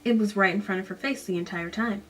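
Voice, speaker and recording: A woman's voice: mid-range voice, fast talker. A young woman casually recapping a novel, reading short passages aloud and breaking off into sarcastic asides. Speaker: book reviewer.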